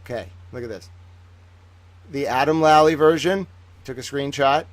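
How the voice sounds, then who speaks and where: A man hosting a livestream, talking excitedly to his viewers in a theatrical way that swings between hushed asides and loud bursts. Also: a little high, moderate pace, no room sound. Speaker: livestream host.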